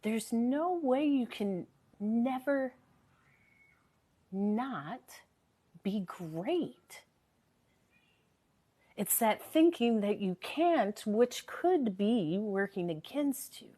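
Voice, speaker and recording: Woman, live-stream host, motivational, earnest, repetitive emphasis, slightly high voice, a bit worn. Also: lively intonation, very slow, pauses often, warm tone. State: recovering from a sore voice. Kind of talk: casual live-stream chat.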